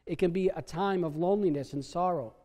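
A middle-aged male pastor preaching a sermon in a church sanctuary, emphatic, swinging between soft and loud. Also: high voice, a little fast, big-room sound.

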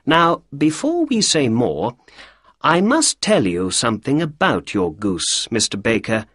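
A man voicing a clever male detective with a crisp, brisk and upbeat manner. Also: medium pitch, very animated, fairly bright tone, no room sound, studio quality, exaggerated voice.

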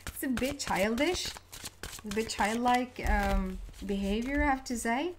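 This is a young woman talking her way through a tarot reading in a loose, chatty monologue. She gets excited easily, laughs along the way and trips over her words as her thoughts race ahead. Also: a little high, a little slow, slight background noise. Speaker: tarot card reader.

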